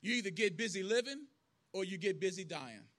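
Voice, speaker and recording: A preacher doing a dreamy, hopeful prisoner. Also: male voice, sits high, lively intonation, fairly quick, a bit bright. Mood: resolute. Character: quiet, dreamy male prisoner, hopeful and determined.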